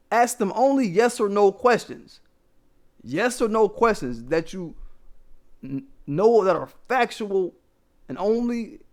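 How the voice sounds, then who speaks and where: A man with a high voice for a man tells a story straight to his viewers. He talks in an emphatic, profane way and keeps asking whether they follow him. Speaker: vlogger. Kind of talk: casual storytelling monologue to viewers.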